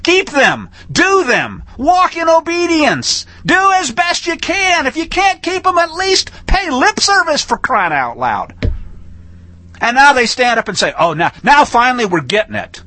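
A man hosting a religious commentary show, preaching fervently with sarcasm and swinging from low mutters to loud outbursts. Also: sing-song, a little slow.

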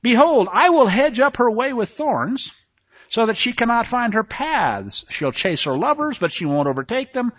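A man preaching a sermon, reading scripture aloud and commenting with sarcastic asides, swinging between hushed passages and shouts. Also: extremely high pitch, very animated, moderate pace, slightly rough, no echo, lo-fi sound.

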